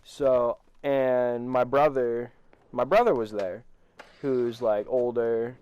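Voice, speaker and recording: A man's voice: mid-range voice, takes it slowly, darkish tone, clean tone, dull audio. Rambling teenage guy telling a story. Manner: rambling, profane, laughs while telling. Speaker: vlogger. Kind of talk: storytime vlog.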